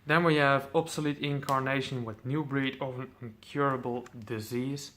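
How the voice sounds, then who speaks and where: A man's voice: mid-range voice, steady tone, normal speed, pushed and bright. A man casually presenting his metal CD collection, enthusiastic, swearing freely, with lots of ums.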